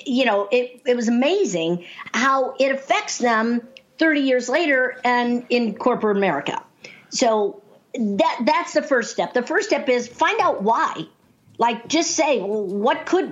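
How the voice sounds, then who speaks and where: A female speaking coach tells stories in a casual, lively way, laughing often and acting out the voices of the people she quotes. Her voice sits on the high side, and the recording has a dull, lo-fi sound.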